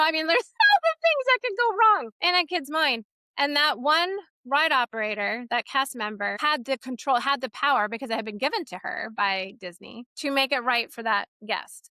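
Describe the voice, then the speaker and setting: A woman co-hosting a podcast, telling stories in an animated way and laughing often as she runs a photography studio. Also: fairly high pitch, no echo. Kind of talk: casual podcast chat.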